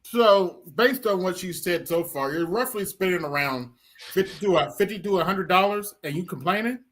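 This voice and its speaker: A man's voice: high voice, animated, moderate pace, a bit bright. A man co-hosting a podcast, skeptical and joking in casual chat. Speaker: podcast co-host.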